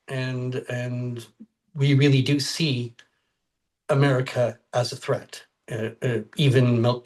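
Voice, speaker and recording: A man from Canada answering on a panel over a video call, grave and deliberate, with frequent hesitations. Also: mid-range voice.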